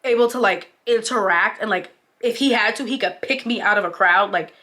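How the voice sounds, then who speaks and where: Fairly quick and mid-range, with a pushed, bright tone, this young vlogger talks warmly in a relaxed sit-down chat. Nearly tearful, she leans on "like" constantly and cheers on fellow mothers as "mama."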